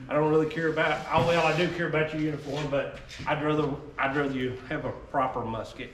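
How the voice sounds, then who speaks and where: A man's voice: on the high side, fairly bright tone. A man with a Southern US accent talking casually to reenactors about muskets, folksy, often checking in with "okay?". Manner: folksy, keeps tagging "okay?". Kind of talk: casual talk to a reenactor group. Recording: echoey sound from a distant mic with faint noise.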